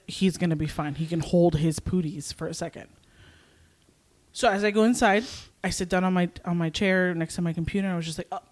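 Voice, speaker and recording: A young woman co-hosting a podcast, telling a story in casual chat and acting out panicked shouts. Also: lowish voice. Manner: animated, acts out panicked shouts. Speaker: podcast co-host.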